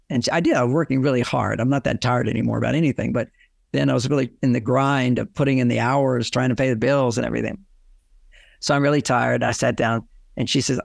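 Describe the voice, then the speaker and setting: Gravelly older man telling stories. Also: mid-range voice, fairly quick, no room sound, studio quality. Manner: animated storyteller, acts out dialogue. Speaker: relationship author and guest. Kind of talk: storytelling advice in conversation.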